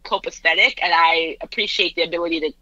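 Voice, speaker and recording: A woman's voice: lowish voice, steady tone, fast, pushed and bright, no room sound, muffled recording. A woman guest in casual chat, talking with lots of fillers and frequent laughter from her apartment. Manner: chatty, laughs often, many fillers.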